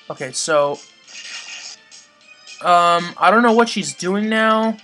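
Swearing let's play gamer, bright sharp voice, faint music under it. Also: mid-range voice, takes it slowly, long pauses. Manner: swears a lot, yells at the boss. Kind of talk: casual game commentary.

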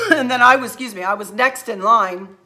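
A woman with a bright, fairly high voice chats to her camera at home as the host of a craft channel. She is effusive and emotional, laughing often, and her throat is a little scratchy. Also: moderate pace. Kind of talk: casual chat to camera. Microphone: handheld camera.

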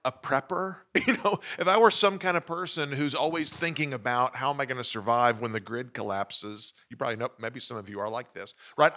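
This middle-aged panelist has a fairly bright voice that sits on the high side. Speaking on a faculty panel in an institute lecture room, he stays conversational and jokey, illustrating each point with stories from his own life.

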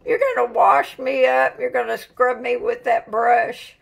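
A woman's voice: a little high, flat delivery, measured pace, vocal fry, slightly rough, exaggerated voice. A woman voicing a scared little potato. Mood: fearful. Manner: anxious, whiny pleading. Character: frightened little male potato, pleading.

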